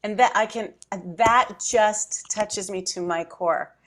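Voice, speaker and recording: A woman's voice: medium pitch, slow pace, a little hiss or hum. A middle-aged woman telling a personal story in a casual chat, acting out her own thoughts and choking up at times. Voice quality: emotional, close to tears at times. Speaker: podcast co-host.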